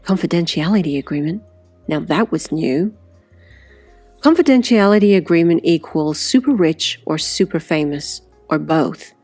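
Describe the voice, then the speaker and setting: Lower-voiced woman narrating wryly. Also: animated, moderate pace, darkish tone, no echo, faint music behind. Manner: conversational, wry asides. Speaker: audiobook narrator. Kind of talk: first-person storybook narration.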